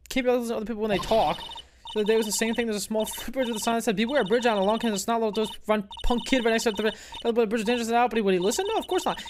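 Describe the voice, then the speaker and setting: A woman's voice: a little high, background noise, natural voice. A woman voicing a grumpy, nagging elderly woman security guard who rambles and scolds, reading game dialogue aloud on stream. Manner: rambling, scolding, complaining about youth. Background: game music.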